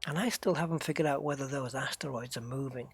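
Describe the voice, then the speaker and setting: A husky, medium-pitched man from the United Kingdom talks fast in an English accent, casually chatting with viewers of his live stream and musing out loud as he plays a game.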